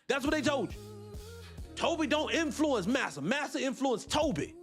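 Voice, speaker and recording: A middle-aged American man hosts a casual livestream in an extremely high, slightly bright voice with big pitch swings, speaking at normal speed with frequent pauses. He's emphatic and fires off rhetorical questions over soft background music.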